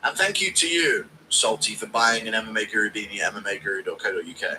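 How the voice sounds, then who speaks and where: A man's voice: lowish voice, fast, pushed and bright, slight background noise, low-quality recording. Crude joking man. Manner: crude, joking, reading donations. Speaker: streamer. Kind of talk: casual watch-along chat.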